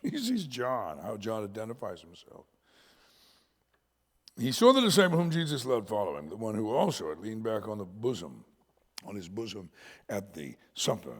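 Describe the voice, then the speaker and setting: Pastor guy preaching, goes from shouting to whispering, raspy voice, big echoey church. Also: fairly low pitch, normal speed. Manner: animated, swings from shouts to whispers, laughs often. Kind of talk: sermon. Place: church sanctuary.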